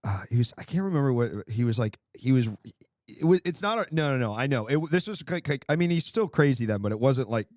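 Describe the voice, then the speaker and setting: Animated man hosting a call-in show. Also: mid-range voice, quick pace, few pauses, no room sound, clean studio sound. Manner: animated, rambling, laughs often. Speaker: host. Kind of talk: casual call-in show chat.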